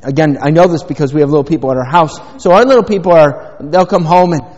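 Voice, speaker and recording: A man's voice: on the high side, fast talker, a little mellow. Middle-aged guy preaching, folksy and rambly, lots of ums, muffled and echoing in a big church. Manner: rambling, folksy, many fillers. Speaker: pastor. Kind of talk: sermon. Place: church sanctuary. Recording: dull sound with long hall reverb.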